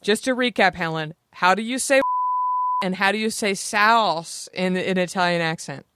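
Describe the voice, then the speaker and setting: A woman's voice: mid-range voice, normal speed, sharp tone, slight background noise. A woman hosting a comedy podcast, upbeat and steering the chat. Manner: upbeat, leading the conversation. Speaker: podcast host. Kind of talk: casual chat.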